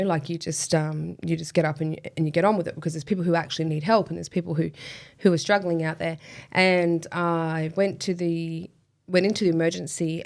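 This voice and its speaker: A woman recounts a personal story as an interview guest, chatty and full of fillers. Her voice sits somewhat low with a steady creaky fry. She laughs at herself as she goes. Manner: chatty, many fillers, self-deprecating laughs.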